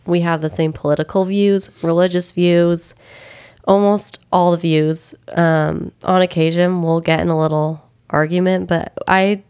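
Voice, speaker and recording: A woman's voice: lowish voice, a little mellow, clear, resonant tone. A young woman chatting casually as a podcast guest, agreeable and easygoing, laughing often. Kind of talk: casual chat.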